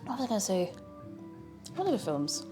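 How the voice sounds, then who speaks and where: A woman's voice: mid-range voice, sing-song, brisk, warm tone, soft background music. An Irish woman streaming casually while she cooks, chatty and a bit scatterbrained, humming little tunes between thoughts. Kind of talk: casual live-stream chat while cooking.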